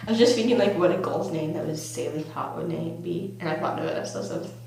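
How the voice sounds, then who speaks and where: A woman's voice: deep voice, rapid-fire, gravelly. Rambling young woman in echoey room. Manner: rambling, filler-heavy, bursts of excitement. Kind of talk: storytime vlog, casual chat. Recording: very echoey room, faint hum.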